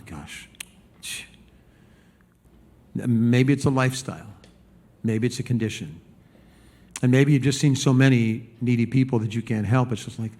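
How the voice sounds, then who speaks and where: Animated man preaching a sermon. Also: medium pitch. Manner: animated, acts out the people he quotes; conversational with restarts and repeated words. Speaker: pastor.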